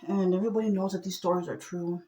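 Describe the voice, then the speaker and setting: A woman's voice: steady tone, fast. Agitated woman rambling in a roomy echo. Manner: agitated, swings between low murmur and loud outbursts. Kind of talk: rambling personal monologue to camera.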